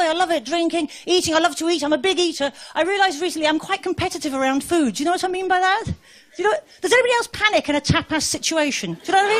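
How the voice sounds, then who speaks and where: English woman in her forties, stand-up, high wry voice, live club with loud crowd. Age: 40s. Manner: chatty, wry, addresses the audience directly. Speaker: stand-up comedian. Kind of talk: stand-up comedy routine. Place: comedy club stage. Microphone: stage microphone. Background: loud audience laughter and crowd noise.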